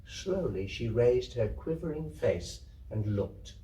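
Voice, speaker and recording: A man giving a slow, measured live reading of a literary story at a community festival hall. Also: medium pitch, expressive, warm tone, slight background noise. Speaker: reader. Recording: roomy, distant hall recording.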